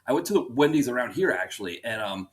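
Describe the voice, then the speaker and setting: Man, podcast guest, rambling casual anecdote, rapid delivery, lively pitch. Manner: rambling anecdote with many restarts. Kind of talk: casual chat.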